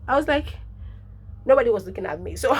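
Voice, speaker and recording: A Nigerian woman in her thirties, a nurse, telling animated stories in a casual vlog, laughing often and dropping in pidgin interjections. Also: a little high, husky. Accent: Nigerian English.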